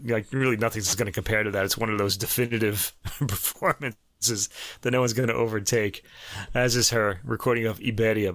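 A man with a New York accent and a lowish, slightly bright voice hosts a show, casually reviewing a classical piano album. His talk is full of fillers and restarts, recorded with no echo.

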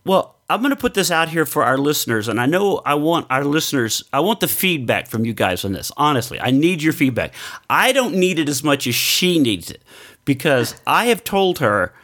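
A man's voice: fairly high pitch, moderate pace. A man co-hosting a casual home podcast, teasing his partner and acting out what others say. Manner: animated, teasing, quotes others in mock voices. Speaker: podcast co-host. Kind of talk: casual chat. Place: home basement studio.

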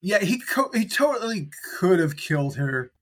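A man's voice: high-pitched, very animated, normal speed, a bit bright. Chatty man recapping a movie. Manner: rambling, lots of "like" and "um" fillers, laughs easily. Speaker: podcast co-host recapping a film. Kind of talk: casual chat.

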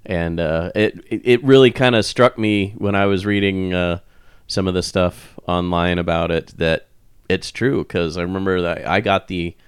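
A man's voice: sits low, fairly even intonation, moderate pace, smooth, dry recording, clean studio sound. A man co-hosting a casual podcast, talking things through at length with some fillers. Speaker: podcast co-host.

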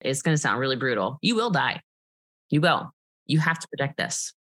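Interview guest: a woman with a low, forceful voice, blunt and emphatic. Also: moderate pace. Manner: emphatic and animated, blunt, swears freely. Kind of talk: personal interview storytelling.

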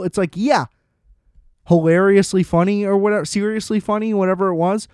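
A man's voice: sits high, a little fast, a little mellow, clear, resonant tone, no room sound, clean studio sound. A man ranting in casual commentary, profane and sarcastic, exasperated and laughing at his own jokes.

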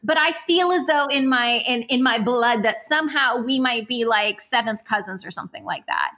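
A woman's voice: on the high side, normal speed, bright, forceful tone. A woman co-hosting a podcast, reflecting thoughtfully in academic wording. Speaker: podcast co-host. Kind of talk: casual reflective chat.

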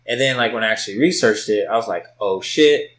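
A man's voice: fairly low pitch, racing, a bit bright, poor audio. A man in casual podcast chat, telling a story loosely and with swearing, recorded at home on a test mic. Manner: loose, profane storytelling with lots of "like". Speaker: podcast co-host.

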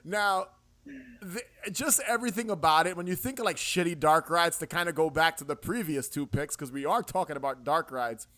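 A man with a slightly higher voice hosts a casual podcast chat. He retells scenes with lots of laughter and lively energy. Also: fairly quick. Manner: laughs often while retelling scenes, animated. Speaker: podcast host.

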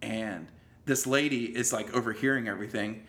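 A man's voice: mid-range voice, normal speed, a bit bright. A man in casual conversation, animatedly retelling a story with plenty of swearing and restarts. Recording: roomy echo.

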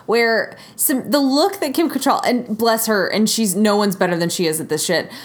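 Expressive woman co-hosting a podcast. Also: moderate pace. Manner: expressive, slangy, swings pitch for emphasis. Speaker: podcast co-host. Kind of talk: casual chat.

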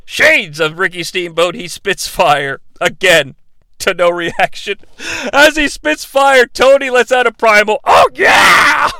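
Bright-voiced, sarcastic man. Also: high voice, clean tone, dry recording. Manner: sarcastic, swearing, jokey asides. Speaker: podcast host recapping a wrestling show. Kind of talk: casual comedic recap.

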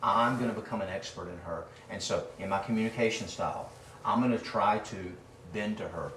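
Animated preacher in a roomy hall. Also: male voice, fairly low pitch, brisk. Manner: animated, swings between loud emphasis and quiet asides. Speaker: pastor. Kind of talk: sermon. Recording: roomy sound from a distant mic with faint room noise.

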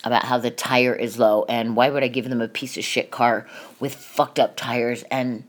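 A middle-aged woman hosting a podcast delivers a personal confessional monologue, telling a painful family story candidly and emotionally while swearing freely. Her voice is extremely low, with little pitch movement, at normal speed.

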